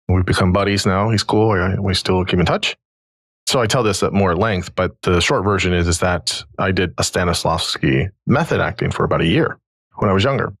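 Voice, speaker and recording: Podcast host, man, 40s. Low, gravelly voice with a slightly husky edge. Dry, close recording. Conversational storyteller who animates the people he quotes. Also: no echo. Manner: animated, acts out quoted dialogue.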